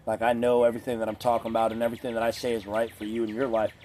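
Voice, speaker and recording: A man's voice: lowish voice, completely flat delivery, racing, a little mellow. A man talking straight to camera in a casual, rambling rant, swearing often and leaning on filler words. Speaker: vlogger.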